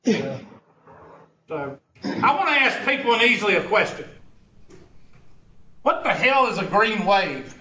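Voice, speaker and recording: High, bright Southern-accented male math teacher. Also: sing-song, unhurried, long pauses. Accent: Southern US, South Carolina. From Upstate South Carolina, USA. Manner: folksy, teasing, joking asides. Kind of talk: informal math lesson with banter. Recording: echoey room, from a distance, dull lo-fi, faint noise.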